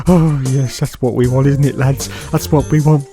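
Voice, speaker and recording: A man giving jokey, laddish commentary over a racing game, breaking into leering, excitable outbursts. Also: mid-range voice, normal speed, faint music behind. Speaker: gaming commentator. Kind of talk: jokey mock race commentary.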